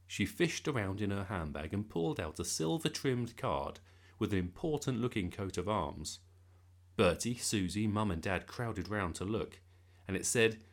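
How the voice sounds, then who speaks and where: A man reading a bedtime story aloud in a lively, expressive storytelling manner. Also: on the low side, normal speed. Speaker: children's story reader.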